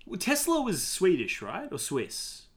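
A man co-hosting a casual film podcast, talking in an animated, enthusiastic way with frequent fillers. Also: high voice, unhurried. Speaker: podcast co-host.

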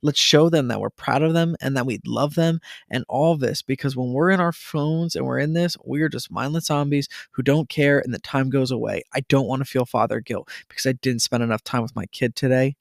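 A man in his thirties hosting a casual solo talk for listeners, earnest and stumbling over repeated words when he gets excited. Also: medium pitch, brisk, vocal fry, hardly any pauses, dry recording, clean studio sound. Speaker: podcast host.

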